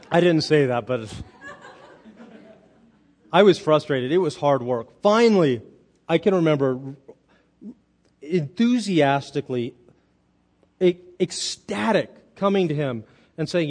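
Male pastor, high-pitched voice, storytelling sermon with emphatic climaxes. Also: animated, measured pace. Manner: storytelling, builds to loud emphatic peaks.

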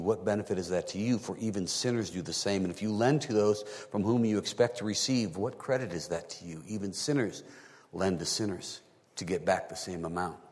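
A male pastor delivering a sermon, talking through scripture and often rising into high, emphatic bursts. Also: a little mellow, big-room sound.

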